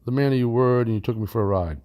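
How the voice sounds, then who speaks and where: A man voicing an upset retired older man who feels cheated on a land sale, talking haltingly and repeating himself. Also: medium pitch, warm tone, smooth, close to an everyday voice. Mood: aggrieved.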